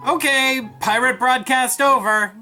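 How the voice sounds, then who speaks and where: A man playing an impatient, exasperated straight man who talks curtly and deadpan. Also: very high voice, soft background music, full character voice. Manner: curt, deadpan, hurried.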